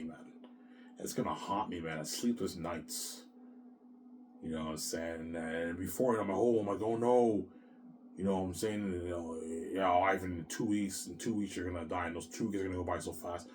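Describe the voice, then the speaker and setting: A man with a deep, low, slightly mellow voice delivers a long, emotional, rambling monologue, agitated and circling back to the same points. He swears a lot and keeps addressing the listener as "man," with a little hiss or hum in the background.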